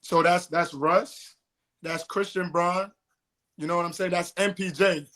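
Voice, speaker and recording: A man co-hosting a casual sports talk show, explaining playoff basketball in an animated way and calling people "bro". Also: high voice, a little slow. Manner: animated, says "bro" a lot. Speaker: podcast co-host.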